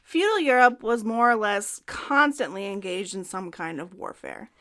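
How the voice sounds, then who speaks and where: Woman, podcast co-host, scripted history narration, steady and clear. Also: medium pitch, normal speed.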